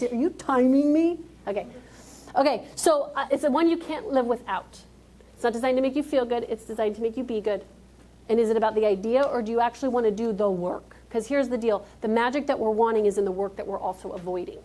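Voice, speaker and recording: Female keynote speaker, 30s, pitched a bit high, energetic, jokey, works the room directly. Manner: energetic, joking, talks straight to the audience. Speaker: motivational speaker. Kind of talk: live keynote speech. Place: conference stage before a live audience.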